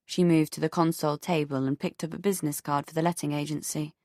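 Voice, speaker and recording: A woman narrating an audiobook in an expressive, measured storytelling manner on a close studio microphone. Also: low-pitched, no room sound.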